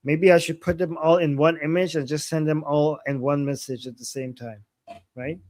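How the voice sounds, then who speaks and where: A man's voice: a little high, fairly even intonation, normal speed, a little mellow, no echo. A man co-hosting a live stream in casual chat, rambling and restarting his sentences with lots of "like.". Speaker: co-host of a live analysis stream.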